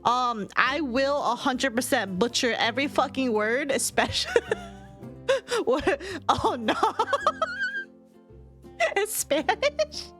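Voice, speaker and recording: A very high, bouncy woman's voice that swoops up and down as she chats on a live stream. She laughs a lot, swears casually and talks at an unhurried pace. Faint game music plays behind her. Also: very animated, fairly bright tone. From United States. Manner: giggly, swears freely, laughs often.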